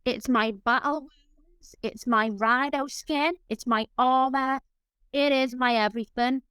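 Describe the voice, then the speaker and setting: A woman's voice: high-pitched, steady tone, measured pace, a bit bright, smooth, no echo, poor audio. A woman guest in an interview, talking in an effusive, openly emotional way. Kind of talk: casual interview chat.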